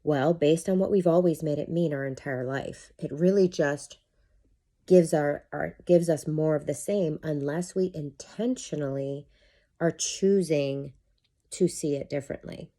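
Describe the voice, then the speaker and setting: Brief: candid middle-aged female life coach, low mellow voice, casual swearing. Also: a little slow. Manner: candid, chatty, swears freely. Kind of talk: casual monologue to camera.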